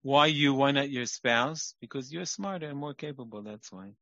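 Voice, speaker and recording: Man lecturing on parenting, emphatic, bright voice, dull lo-fi recording. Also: mid-range voice, normal speed, no room sound. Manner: emphatic, shifting from quiet asides to loud points.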